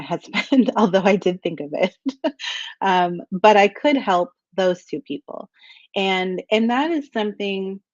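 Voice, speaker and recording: A woman's voice: lowish voice, no echo, highs cut off. A woman, likely a coach for women entrepreneurs, telling a personal story in a casual rambling way with fillers, restarts and frequent little laughs.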